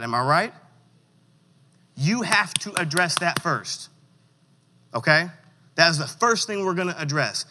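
A man with a high, bright voice preaches to a room of teenagers in a church hall, pressing them to answer out loud. He slows right down to lean into the scripture he reads. A long reverb trails behind every word. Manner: interactive, coaxing audience responses; reads scripture with slow emphasis. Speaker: youth pastor. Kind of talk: sermon.

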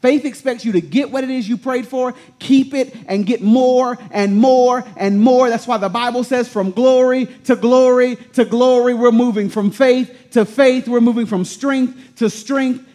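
High-voiced preacher man, slow and emphatic. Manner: animated storytelling with acted voices, slow emphatic repetitions. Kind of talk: sermon. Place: church in front of a congregation.

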